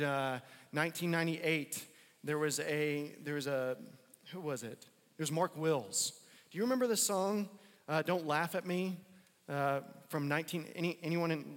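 A man's voice: fairly high pitch, fairly bright tone, big-room sound. A man preaching a sermon as a pastor, casual and conversational, repeating phrases for emphasis.

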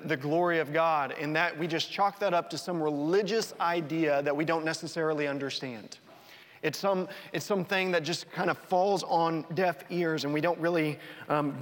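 Man preaching, pastor, conversational, repeats words, softens for emphasis, fairly high voice, echoing church hall. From North Texas. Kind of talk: sermon. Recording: reverberant hall.

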